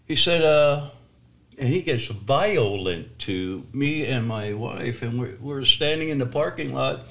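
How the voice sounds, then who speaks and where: A man telling his personal testimony story, swinging from loud emphasis to hushed near-whispers. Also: medium pitch, lively intonation, unhurried, vocal fry.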